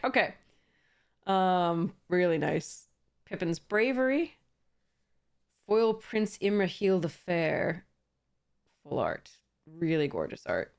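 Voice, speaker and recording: Cracking open card packs, a young woman YouTuber reads each card's text out loud in a fairly low, creaky voice. Her casual commentary is full of fillers and small laughs.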